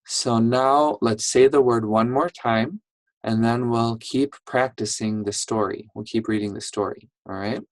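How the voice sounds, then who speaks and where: Teacher, reading lesson for young children, slow, encouraging, patient, dry close sound. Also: medium pitch, fairly even intonation, no echo, low-quality recording. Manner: patient, encouraging, checks in with "right?" and "okay?". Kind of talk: online reading lesson for first graders.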